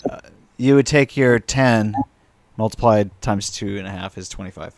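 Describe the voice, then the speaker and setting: A man's voice: on the low side, darkish tone, no echo. Guy running a tabletop game, keeps restarting sentences, dry mic. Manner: explains rules with halting restarts. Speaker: game master.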